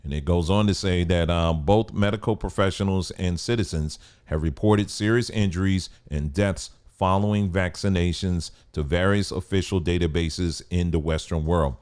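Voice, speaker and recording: A man hosting his own channel, talking to camera in a halting, cautious way with many fillers and restarts. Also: low voice, a little mellow, smooth. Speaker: channel host. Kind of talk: casual commentary to camera.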